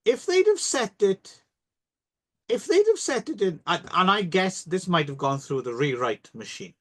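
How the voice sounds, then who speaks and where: Man, podcast co-host, somewhat high voice, casual and jokey, swears. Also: sing-song, normal speed, a bit bright. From Canada. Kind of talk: casual film chat.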